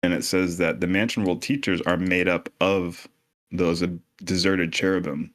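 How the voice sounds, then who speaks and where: Deep-voiced man explaining things casually. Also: steady tone, moderate pace. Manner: loose, casual, explains in plain terms with some swearing. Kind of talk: casual explanatory podcast talk.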